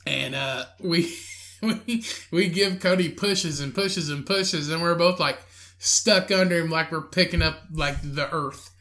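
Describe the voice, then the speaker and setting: Bright-voiced man telling a crude story. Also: fairly high pitch, a little slow. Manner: crude, laughing storyteller, acts out drunk friend and angry lady. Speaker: podcast co-host. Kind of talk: casual storytelling chat.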